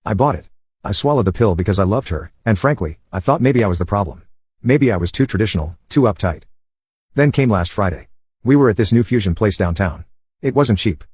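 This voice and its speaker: A man's voice: on the low side, animated, fast, darkish tone, breathy edge, no echo, studio quality. A man narrating an online story in a wry, sardonic scripted tone.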